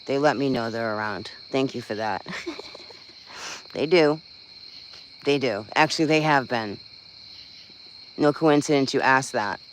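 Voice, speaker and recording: A man's voice: medium pitch, moderate pace, a bit bright, a little hiss or hum, rough recording. A man chatting casually on a livestream, venting bluntly, swearing freely and rambling with lots of fillers. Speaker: livestream host. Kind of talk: casual live-stream chat.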